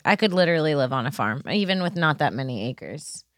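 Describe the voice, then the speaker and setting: A woman co-hosting a comedy podcast, teasing her co-host with deadpan dark jokes in casual chat. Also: sits low, brisk, no room sound, studio quality.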